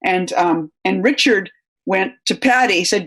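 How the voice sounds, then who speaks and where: A woman's voice: medium pitch, unhurried, fairly bright tone. An older American woman, a guest writer, answering interview questions in a rambling, anecdotal way with many fillers.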